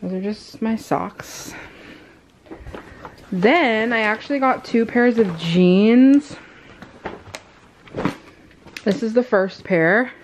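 A woman's voice: a little high, extremely slow, pauses often, a little hiss or hum. A young woman chatting casually to the camera as a vlogger, loose and rambling with many fillers. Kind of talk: casual vlog haul chat.

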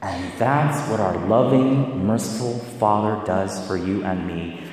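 A man serving as a deacon, giving a slow, measured sermon with lively rises and falls. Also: fairly low pitch. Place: large church. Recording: echoey church from far off.

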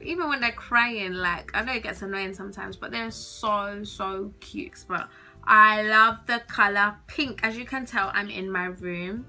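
A woman's voice: a little high, sharp tone. A young woman chatting to camera from her bedroom, gushing and giggly with casual slang, a little nervous. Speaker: vlogger.

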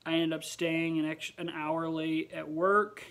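A young man with a fairly high, gravelly voice talks unhurriedly in a casual late-night vlog from home. He yawns from tiredness, sighs often, and keeps the chat lively and expressive.

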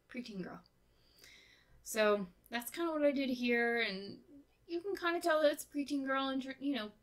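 A woman in her thirties, narrating her game build in a relaxed, rambling, chatty way, a little tired. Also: medium pitch. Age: 30s. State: tired, winding down. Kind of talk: casual voice-over narration of a build.

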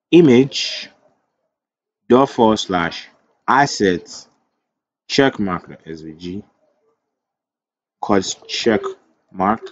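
A man's voice: on the low side, muffled recording. A man teaching web development in a screen-recorded coding tutorial. He thinks aloud as he types, corrects himself, and drifts into chatty asides.

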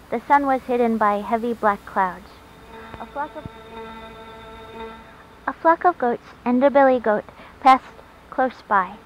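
A woman reading a short story aloud in a calm, even storytelling way, recorded on a dull lo-fi track with faint hiss. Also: on the high side. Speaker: narrator.

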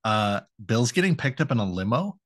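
A man's voice: mid-range voice, sing-song, no echo, studio quality. A man co-hosting a casual podcast, recapping an episode with frequent uhs and ums, often laughing. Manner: hesitant, lots of uh and um, quick to laugh. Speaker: podcast co-host.

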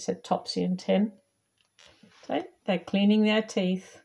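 A woman volunteer reading a children's picture book aloud, lively and talking straight to young listeners. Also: medium pitch, slow pace, creaky, long pauses. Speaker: volunteer storybook reader.

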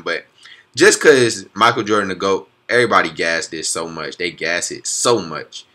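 Hyped young man with a lively voice. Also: low-pitched, brisk. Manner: excitable, slangy, talks back at the clips. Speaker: reaction video host. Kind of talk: hyped casual commentary.

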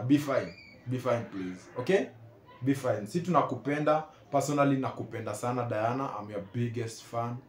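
A man's voice: medium pitch, darkish tone, a little hiss or hum. Earnest Kenyan man, echoey room. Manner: earnest, repeats pleas over and over. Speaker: reaction video host. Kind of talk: emotional reaction commentary.

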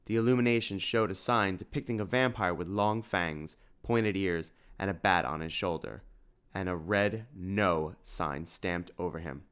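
A man narrating an audiobook with steady, even storytelling. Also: sits low, moderate pace, clean tone.

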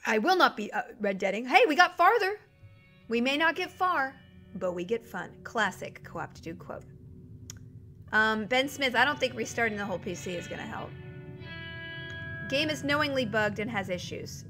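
A woman's voice: a little high, lively intonation, normal speed, bright, forceful tone, faint music behind. A woman live-streaming a video game from home, chatting with viewers and reacting to the game crashing. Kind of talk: casual live-stream chat while gaming.

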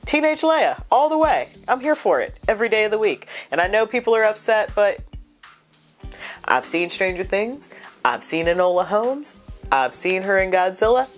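A woman hosting a reaction video in casual chat, excitable and gushing, sounding stuffed up from crying. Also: normal speed, soft background music. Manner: excitable, gushing, with big pitch jumps.

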